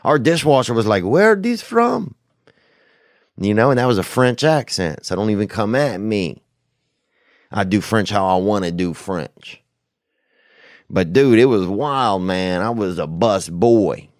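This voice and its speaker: A man hosting a podcast, telling rambling, profane, slangy stories with sudden loud bursts. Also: fairly low pitch, unhurried, dry recording, clean studio sound. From United States. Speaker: podcast host. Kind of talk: casual podcast storytelling.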